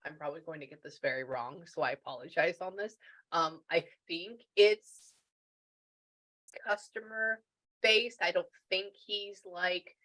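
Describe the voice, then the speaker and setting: A woman medium talks through a reading with a bright, forward voice. She chats loosely, restarts her sentences and thinks aloud as she relays messages. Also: on the low side, measured pace, low-quality recording. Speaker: spiritual medium.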